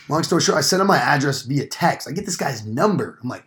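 A man's voice: medium pitch, sing-song, quick pace, few pauses, a bit bright. A young man casually telling a rambling, profane story on a podcast, acting out quoted lines. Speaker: podcast co-host.

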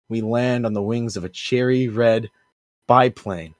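A young man co-hosting a podcast, telling a rambling absurd story in an animated way and shouting out the characters' lines. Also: mid-range voice, normal speed, dry recording. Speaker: podcast co-host.

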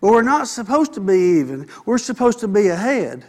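A man's voice: high voice, sing-song, a little fast, a little mellow. A man preaching a sermon in a folksy, conversational way, with asides to the congregation. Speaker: pastor.

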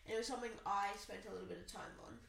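A woman's voice: medium pitch, steady tone, rapid-fire, vocal fry, fairly bright tone. A woman in casual chat as a podcast co-host, telling rambling stories with many fillers. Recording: roomy echo with faint noise.

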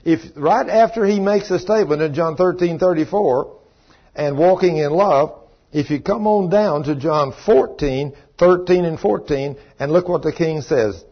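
A man preaching a sermon, telling a story in a folksy way and acting out the voices of the people in it. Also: measured pace. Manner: folksy storytelling, voices others in high falsetto. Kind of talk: sermon with acted-out dialogue. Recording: dull lo-fi sermon recording.

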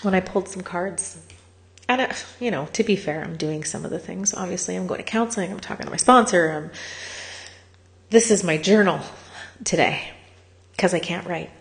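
Her voice lowish and gravelly, a middle-aged woman pauses often as she recounts a personal story at normal speed for her vlog. The monologue is raw and confessional, candid with plenty of swearing, and she sounds cried out, laughing through the pain and occasionally whispering.

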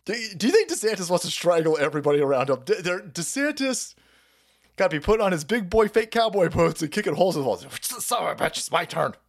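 A man's voice: high-pitched, big pitch swings, fast. A man in his thirties hosting a stream, ranting about politics in a profane, mocking way and slipping into silly voices. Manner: foul-mouthed, mocking, puts on silly voices. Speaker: podcast host.

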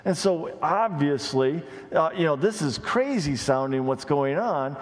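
A man's voice: on the high side, lively intonation, unhurried. Preaching man in a reverberant hall. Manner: conversational asides with light humor. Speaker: pastor. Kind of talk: sermon. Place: church sanctuary. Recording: long reverb of a large hall.

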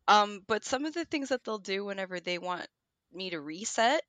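A woman co-hosts a podcast in a loose, casual chat. She tells her stories with a lot of energy, swears freely and laughs often. Her voice sits at a middle pitch and sounds dry and close to the mic. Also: moderate pace, dry recording. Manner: animated storyteller who swears and laughs a lot. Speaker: podcast co-host.

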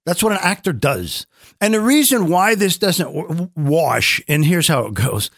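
A man's voice: on the high side, big pitch swings, moderate pace, creaky, a bit bright, dry recording, clean studio sound. A middle-aged man, a veteran advertising voice actor, talking emphatically as a guest, with frequent restarts. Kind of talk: opinionated conversation.

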